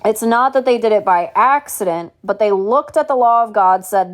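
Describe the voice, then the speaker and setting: Lady doing a bible study sermon, kinda mocking and preachy, mid pitch. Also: moderate pace, few pauses. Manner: mocking, preachy, rhetorical questions. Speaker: Bible teacher.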